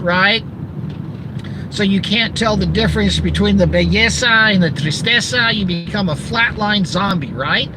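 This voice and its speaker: A man with a high-pitched voice rants to his audience, animated and sarcastic, now and then bursting into shouts. He is middle-aged and speaks as the host of his own channel. Street and traffic noise plays clearly behind him outdoors. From Southern California. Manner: animated, ranting, sarcastic asides with shouted outbursts. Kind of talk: ranting monologue to camera.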